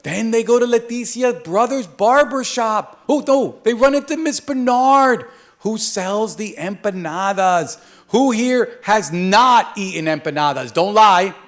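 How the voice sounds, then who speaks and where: A man's voice: high-pitched, expressive, measured pace. A man from a Caribbean island, an author reading his picture book aloud at a live event, playful and joking with slang.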